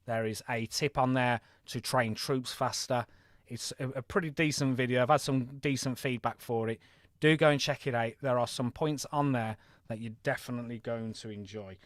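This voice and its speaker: A man's voice: mid-range voice, moderate pace, no echo, studio quality. A man from Birmingham with a mild Birmingham accent, hosting a game live stream in a chatty, friendly way, reading out scores and thanking viewers. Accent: mild Birmingham English. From Birmingham, England. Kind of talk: live game commentary and chat.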